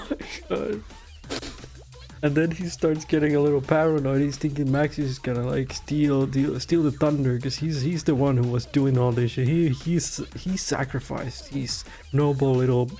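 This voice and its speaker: A video creator rambles through game lore in an irreverent, profane comedic rant full of giggly asides. His middling-pitched voice has a dark tone and fairly even intonation at normal speed, with faint music behind him.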